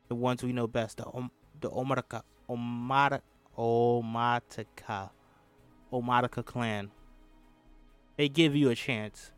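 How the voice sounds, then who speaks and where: A man's voice: medium pitch, darkish tone, close to an everyday voice. A man voicing a brusque, driven woman lead scientist in an impatient, lecturing way, in an amateur script reading.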